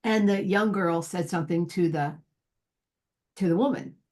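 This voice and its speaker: A woman's voice: lowish voice, normal speed, darkish tone. A woman from the United States speaking on a panel over a video call, telling a personal story in an earnest, indignant way.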